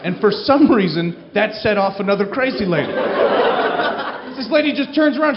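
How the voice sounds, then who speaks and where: High-voiced stand-up comic in a roomy club. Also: male voice, fairly quick, dull audio, very noisy. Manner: animated storytelling, acting out characters' lines. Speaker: stand-up comedian. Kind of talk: stand-up comedy set. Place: comedy club stage. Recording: roomy club recording with crowd laughter.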